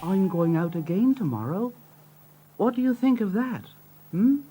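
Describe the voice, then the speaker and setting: A man's voice: high-pitched, lively intonation, unhurried, background noise, pitched above the performer's own voice. A man voicing a cheerful, kindly old male steam engine who chuffs along with eager, rhythmic sounds. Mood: pleased.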